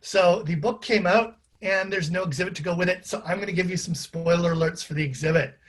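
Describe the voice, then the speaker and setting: A chatty man speaking casually to a live audience, with self-deprecating asides and frequent fillers. His voice is husky and sits a little high for a man. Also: brisk. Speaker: author and playwright.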